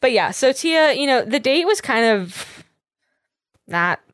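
A young woman co-hosting a podcast, chatting casually and with strong opinions, full of fillers and quick asides. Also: sits high, big pitch swings. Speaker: podcast co-host. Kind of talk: casual recap chat.

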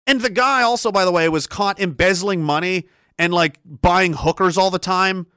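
A man's voice: sits high, normal speed, pushed and bright, clear, resonant tone, dry recording, studio quality. A man from Canada hosting a livestream, reading chat messages aloud in a profane, rambling and emphatic way. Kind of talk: casual livestream rant.

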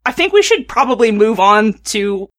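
A woman's voice: fairly high pitch, normal speed. A woman hosting a podcast, chatting casually, laughing often and reading prose passages aloud. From northern United States. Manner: animated, laughs often, self-deprecating. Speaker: podcast host.

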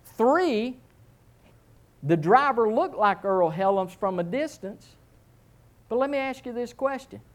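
Male pastor, sermon, lively self-mocking storyteller with big pitch swings. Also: slow, pauses often.

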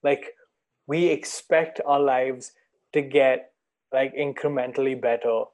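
A man from India, a podcast guest, speaking calmly and in a measured way with small hesitations. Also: medium pitch. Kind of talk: reflective conversation.

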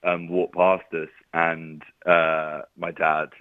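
A man chatting as a comedian guest, telling self-deprecating anecdotes with quick asides. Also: sits low, completely flat delivery, no room sound. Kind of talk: casual chat. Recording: thin phone-like line, dry.

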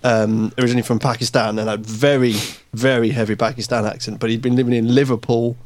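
A man's voice: medium pitch, little pitch movement, quick pace, darkish tone. A man hosting a casual podcast, chatty and jokey, with swearing in his stories.

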